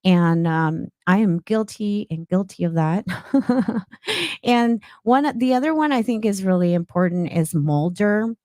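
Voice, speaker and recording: A woman's voice: medium pitch, lively intonation, a little slow, dark tone, no room sound, clean studio sound. A woman from the Bay Area, a clinical social worker, explaining ideas thoughtfully as a guest and often checking in with "right?". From San Francisco Bay Area. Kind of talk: casual interview.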